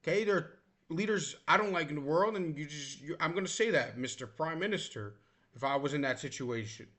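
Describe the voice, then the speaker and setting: Guy with a high bright voice ranting away, blunt and fed up. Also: fairly quick. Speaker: vlogger. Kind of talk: ranting commentary.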